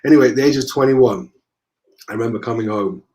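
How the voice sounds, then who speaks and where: A man with a Northern English accent, a guest in a conversation, telling lively anecdotes and acting out the dialogue. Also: medium pitch, fast talker. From northern England. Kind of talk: casual storytelling in conversation.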